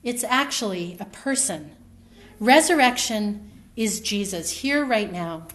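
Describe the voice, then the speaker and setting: Woman preacher telling a story in a sermon, thoughtful, lines fade out soft at the ends. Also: medium pitch, lively intonation, slow. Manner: reflective storytelling, phrases trailing off softly.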